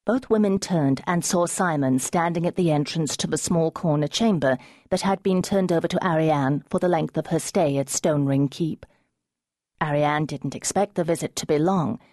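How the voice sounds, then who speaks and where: A woman audiobook narrator reading a novel in measured, expressive scripted narration. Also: sits low, dry recording, studio quality.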